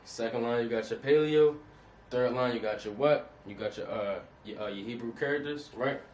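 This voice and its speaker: A man's voice: medium pitch, moderate pace, a little mellow. A man giving an informal lesson over slides, casual and repetitive, often checking that the listener understands. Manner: repetitive, keeps asking "you understand that?"; casual, street-style phrasing. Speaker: Hebrew teacher. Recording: roomy, distant mic, faint noise.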